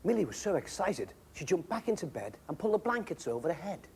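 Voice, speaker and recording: A man reading a children's Christmas story aloud, expressive and animated. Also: on the high side, fast, gravelly, slight background noise.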